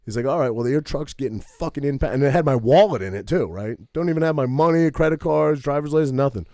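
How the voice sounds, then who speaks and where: This Maine man, co-hosting a podcast, spins a lengthy story in a casual, cursing, lively way, ending lines with "right?" over and over. He has a mid-range voice and speaks quickly. It's studio-quality audio without echo.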